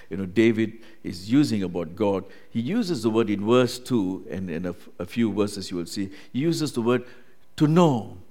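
A man preaching a sermon, who keeps saying "you know" and "right?" and swings from booming emphasis down to hushed, almost whispered lines. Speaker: pastor.

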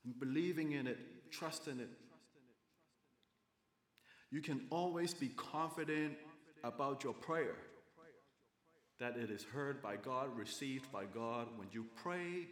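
A man's voice: medium pitch, slow, pauses often, fairly bright tone, echoey room. A man preaching a sermon as a pastor, earnest and building emphasis, with occasional self-corrections.

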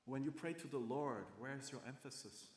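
A man's voice: medium pitch, moderate pace, roomy sound. A man preaching a sermon as a pastor, earnest and building emphasis, with occasional self-corrections.

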